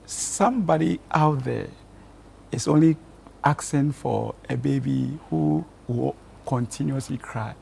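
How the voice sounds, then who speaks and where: A man's voice: medium pitch, slow pace, gravelly, slight background noise. A man, a talk show guest, earnestly telling stories and giving advice. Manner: earnest, storytelling, gently counselling.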